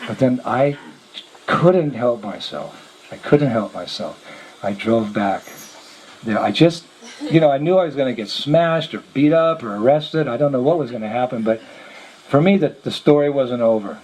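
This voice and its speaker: A man, a monk, telling a personal story in a lecture at a middling pitch. He talks lively and acts out each quoted line as he retells it, over a faint hiss. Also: normal speed, rough recording. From United States.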